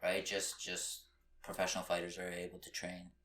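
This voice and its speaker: A young man, a professional fighter, chatting casually as a podcast guest in a relaxed way. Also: sits low, normal speed, roomy sound, slight background noise. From Canada. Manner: relaxed, says "bro" and "you know what I mean". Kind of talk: casual chat.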